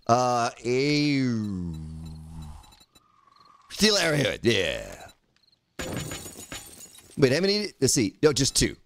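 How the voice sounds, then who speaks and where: Animated man streaming gameplay. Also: mid-range voice, very slow, pauses often, a little hiss or hum. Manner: talks to himself while crafting, thanks viewers, swears casually. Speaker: game streamer. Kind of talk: live gameplay commentary.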